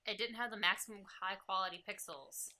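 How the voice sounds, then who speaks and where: A woman's voice: mid-range voice, a little fast, bright, forceful tone. A woman co-hosting a casual gaming podcast, throwing in teasing, sarcastic quips. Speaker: co-host.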